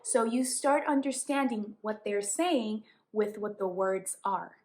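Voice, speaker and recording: A woman from Colombia with a Colombian Spanish accent, a native Spanish speaker, explaining English tips as a teacher in a clear, explanatory way. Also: mid-range voice, measured pace, a little mellow. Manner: clear, explanatory, emphatic on examples. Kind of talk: tips lesson to camera.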